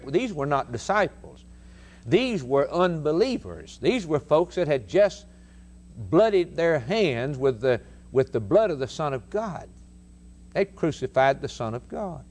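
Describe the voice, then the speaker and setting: A man's voice: a little high, sing-song, measured pace, a little mellow. A man preaching a sermon, emphatic and stressing points by repeating phrases.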